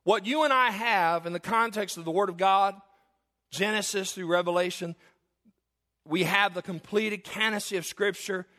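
A man's voice: sits high, moderate pace, pushed and bright. A male preacher delivering a sermon, emphatic and repetitive, telling stories to make his point.

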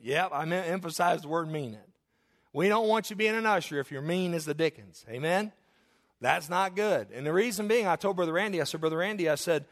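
A man preaching a sermon in a church, swinging between loud emphatic lines and quiet earnest asides. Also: fairly high pitch. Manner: animated preaching, loud swells then hushed earnest asides. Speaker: pastor. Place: church sanctuary.

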